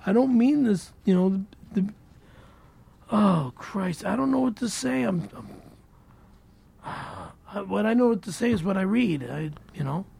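A man reading ads on a comedy podcast, halting and stammering, nervous and repeating himself. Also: high-pitched, lively intonation, gravelly, darkish tone, slightly rough. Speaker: show regular reading ads. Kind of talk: casual comedic podcast banter.

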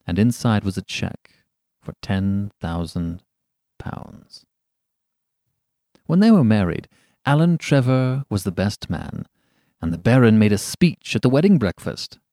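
A man reads a classic story aloud in a measured, expressive way. His pitch moves a lot as he shapes each sentence. The sound is close and dry, with no room echo. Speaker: podcast narrator. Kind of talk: scripted storybook narration.

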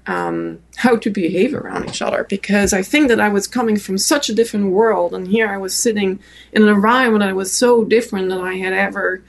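A woman with a French accent recounts her travels at length, as a podcast guest. Her voice sits at an ordinary middle pitch with a gravelly edge of vocal fry, and she tells the story in a loose way, full of fillers. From France. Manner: warm anecdotal storytelling with many fillers.

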